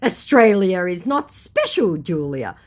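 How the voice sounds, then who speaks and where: A woman voicing a dim-witted, smug male online scammer with a slow, mocking drawl. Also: lowish voice, very animated, voice pushed up.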